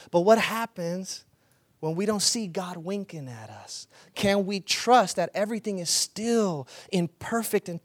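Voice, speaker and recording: A man preaching a sermon with an earnest, conversational delivery that turns animated when he tells stories. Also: high voice, no echo. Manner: animated storytelling, rising to loud excited retelling. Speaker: pastor.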